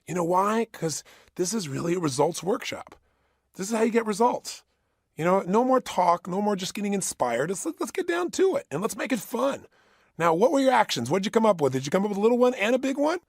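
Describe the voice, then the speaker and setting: A man's voice: high voice, very animated, brisk, slightly rough, no room sound. A middle-aged man giving a motivational talk, emphatic and repeating phrases for effect, recorded close in a studio. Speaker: motivational speaker. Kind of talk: motivational audio program.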